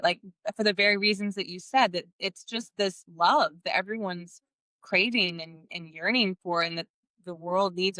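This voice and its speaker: A woman's voice: mid-range voice, a bit bright, no echo. A woman hosting a podcast interview, asking earnest questions and often restarting her sentences as she speaks. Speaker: podcast host. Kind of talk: conversational interview.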